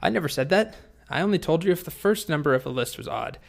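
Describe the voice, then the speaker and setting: A man's voice: a little high, lively intonation, fast, gravelly, pitched above the performer's own voice. A man voicing a grumpy, hungry male dragon in a spoken story, talking down to a boy. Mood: furious. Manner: grumpy, condescending.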